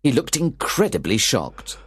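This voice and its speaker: A man's voice: mid-range voice, huge pitch swings, a little slow, slightly rough, no echo, clean studio sound. A man reading scripted narration of a detective story.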